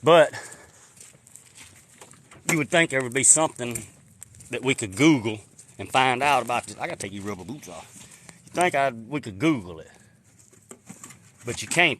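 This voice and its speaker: A folksy man live-streams from the woods, holding his phone in hand, and rambles casually while answering viewer comments. His voice is medium-pitched with a fairly bright tone, and there's slight background noise.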